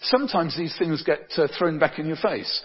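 A man's voice: fairly high pitch, expressive, normal speed, breathy edge. A man, a pastor, preaching a conversational sermon full of tag questions like "don't they?". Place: church. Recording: dull sound with long church reverb.

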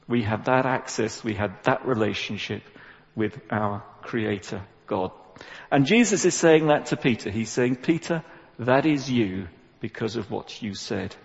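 A man preaching a lively, conversational sermon with humorous asides. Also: fairly low pitch, gravelly. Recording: dull, echoey church recording.

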